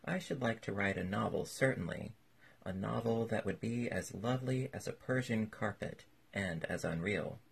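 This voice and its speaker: A man plays a witty, languid aristocrat who drawls out his clever lines in a low, gravelly, very husky voice, like a classic storybook reading. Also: moderate pace, full character voice. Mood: urbane.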